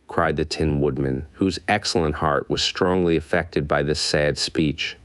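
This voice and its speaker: Low smooth guy reading an audiobook, dry close sound, nudges his voice up a bit for the characters. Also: measured pace, few pauses, no echo. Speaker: audiobook narrator. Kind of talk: scripted narration.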